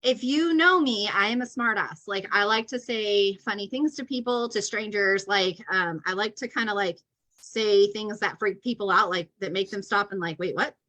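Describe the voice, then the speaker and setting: A middle-aged woman talks casually on a video call, her voice bright and forward. She tells stories at length, full of fillers and dry, deadpan jokes. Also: medium pitch, moderate pace, poor audio. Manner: chatty storyteller, many fillers, deadpan jokes. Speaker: podcast co-host. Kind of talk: casual chat.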